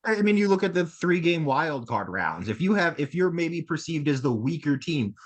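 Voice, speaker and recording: A man's voice: on the high side, very animated, moderate pace. Man asking long, winding questions. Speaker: podcast co-host. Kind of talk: casual podcast interview.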